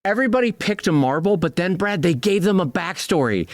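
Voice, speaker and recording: A man's voice: high-pitched, animated, fairly quick, no echo. A man co-hosting a podcast, telling stories in an enthusiastic, rambling way with casual swearing. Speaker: podcast co-host, cartoonist. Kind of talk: casual chat.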